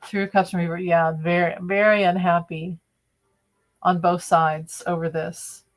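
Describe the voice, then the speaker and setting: A woman's voice: lowish voice, flat delivery, unhurried. A woman doing a live-stream tarot reading, talking in a conversational, opinionated way and often restarting her sentences. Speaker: tarot reader.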